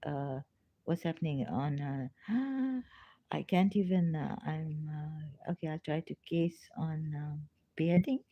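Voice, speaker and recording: A woman hosting a casual livestream, reading news aloud in a halting way with many fillers and restarts. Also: sits low, no echo. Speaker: livestream host. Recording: dry, slightly dull lo-fi recording.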